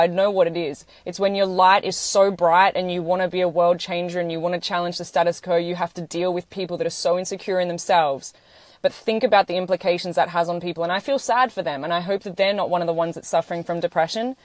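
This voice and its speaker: A woman's voice: fairly low pitch, fairly even intonation, quick pace, dry recording. Woman, close to tears, earnest, swears, live-stream monologue, dead dry sound. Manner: earnest, tearful, swears freely. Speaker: social media livestreamer.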